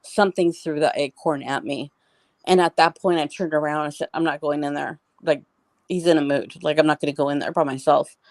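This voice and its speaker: A woman's voice: sits low, fairly even intonation, a little fast, a little mellow, no room sound. A middle-aged woman telling a story as an interview guest, in a rambling, casual way full of "like" and restarts.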